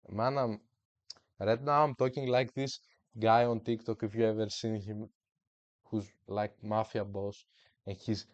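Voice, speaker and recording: A man streams a football management game with playful, slangy hype and trash talk. His voice sits on the low side and he talks at an unhurried pace. The sound is slightly muffled and dry. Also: dry recording. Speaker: gaming streamer. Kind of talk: casual gameplay commentary.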